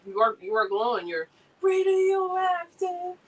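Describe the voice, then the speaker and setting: A woman's voice: a little high, lively intonation, a little fast, fairly bright tone, distant mic, poor audio. A woman co-hosting a baseball livestream, reading viewer comments and teasing her partner with lots of laughter. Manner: giggly, teasing, laughs often. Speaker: livestream co-host. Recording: voice a bit off-mic.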